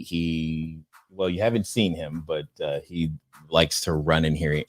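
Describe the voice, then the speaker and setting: Deep-voiced man hosting a casual livestream. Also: no room sound, studio quality. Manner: relaxed, chuckling, reads questions aloud and riffs. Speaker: livestream host answering viewer questions. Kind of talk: casual live-stream chat.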